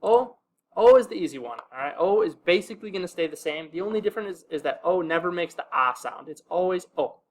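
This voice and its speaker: Young male teacher with a somewhat high voice, easygoing and full of fillers, who slows down to spell out each example. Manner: relaxed, with many fillers, slows to sound out example words. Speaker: language teacher. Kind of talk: casual video lesson.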